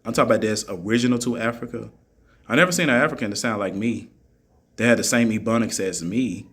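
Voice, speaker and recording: A man's voice: lowish voice, fast talker, fairly bright tone, breathy edge. A man in a heated monologue, answering critics in an argumentative, mocking way and repeating his points for emphasis. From United States.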